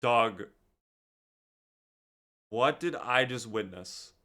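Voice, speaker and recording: A man's voice: medium pitch, extremely slow, sharp tone. A young man giving casual, swear-heavy commentary while playing a video game. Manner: swears a lot, rants when angry. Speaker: gaming streamer.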